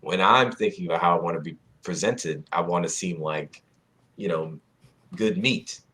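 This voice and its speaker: A man co-hosting a casual podcast chat, animated and laughing, acting out little scenes. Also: low-pitched, normal speed. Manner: animated, acts out dialogue, laughs often. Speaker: podcast co-host.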